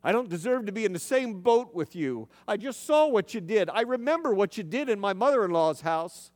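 Man doing a plainspoken old fisherman, lowered voice, rather high, long hall echo. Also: expressive, brisk. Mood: awed. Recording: long reverb of a large hall.

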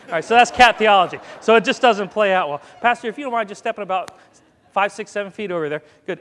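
High-voiced man preaching in a reverberant hall. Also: quick pace, fairly bright tone. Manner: chatty, folksy, gives dog commands mid-sermon. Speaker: guest preacher. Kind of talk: conversational sermon with live dog demonstration. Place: church sanctuary.

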